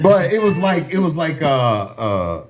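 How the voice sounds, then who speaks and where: Man in his thirties, podcast guest, animated storyteller, pitch leaps around a lot, laughs through his stories. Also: moderate pace, over a noisy crowd. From Elgin, Illinois. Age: 30s. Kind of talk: casual storytelling.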